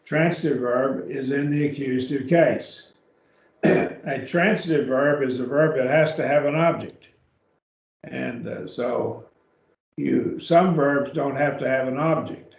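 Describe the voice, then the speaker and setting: A man teaches grammar to a class in a slow, unhurried voice with a gravelly edge, often stopping to repeat himself or restart. He sounds like he is in a church classroom, with a roomy, somewhat dull recording around him. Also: mid-range voice. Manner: slow, repeats words, many fillers and restarts. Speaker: Greek teacher.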